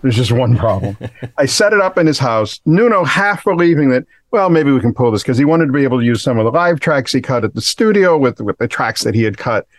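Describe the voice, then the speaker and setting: A man's voice: medium pitch, fairly quick, dry recording. Rambling man in casual chat. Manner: relaxed, rambling with fillers. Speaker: guitarist, guest.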